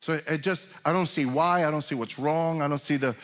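Pastor preaching in a reverberant hall. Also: male voice, on the high side, brisk, a bit bright. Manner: conversational preaching with repeated restarts, swells in emphasis. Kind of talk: sermon. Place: church sanctuary.

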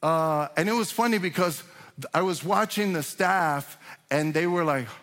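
A man's voice: on the high side, unhurried, fairly bright tone. A man preaching a sermon as pastor, talking conversationally with frequent restarts and rising in emphasis on key points. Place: church sanctuary. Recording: long hall reverb.

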